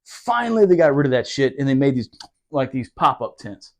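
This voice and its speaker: This man in his forties, a Marine veteran who hosts a podcast, speaks at a medium pitch and a fairly quick clip. He tells stories in relaxed conversation, animated and profane, swearing a lot and laughing often.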